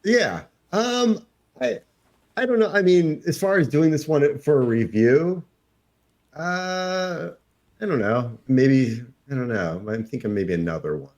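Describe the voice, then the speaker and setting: A man's voice: a little high, animated, a little slow, a little mellow. A man co-hosting a casual podcast chat, speaking hesitantly with frequent ums and restarts. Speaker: podcast co-host.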